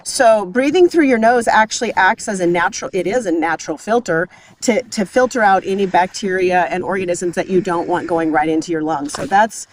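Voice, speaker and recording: With slight background noise, a woman with a lowish voice talks briskly while hosting a casual health discussion on a hike. She's upbeat and explanatory, and laughs easily.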